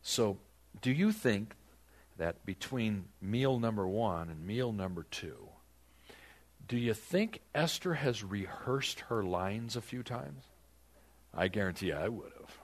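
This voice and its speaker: A man's voice: fairly low pitch, lively intonation, slow pace. A man preaching a Bible-teaching sermon, asking rhetorical questions and dramatizing the text.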